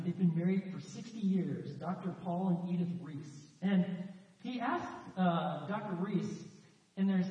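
A man preaching a sermon with animated storytelling, acting out the voices in his stories. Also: high voice. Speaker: pastor. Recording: echoey hall from far off, dull sound.

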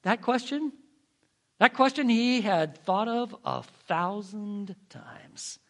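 Animated high-voiced male preacher. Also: slow. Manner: dramatic, swinging from hushed to emphatic. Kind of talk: storytelling sermon.

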